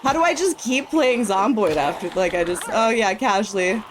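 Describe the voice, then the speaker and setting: A woman's voice: medium pitch, expressive, normal speed, noisy background. A woman game streamer chatting casually to her viewers, emotional and stammering, often laughing as she talks. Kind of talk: casual live-stream chat.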